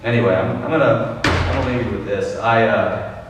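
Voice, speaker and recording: A man's voice: fairly low pitch, a little fast, heavy background noise. A young man from Texas doing a rambling, self-amused stand-up comedy set on stage. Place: large hall with a live audience. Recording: echoey hall recording from far off.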